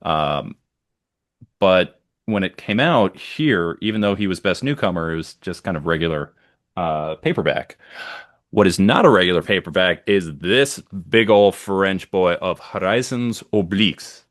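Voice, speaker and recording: A man's voice: low voice, expressive, measured pace, no room sound, studio quality. A man co-hosting a casual podcast chat, enthusiastic and rambling with plenty of ums and uhs. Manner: enthusiastic, rambling with many fillers. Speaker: podcast co-host.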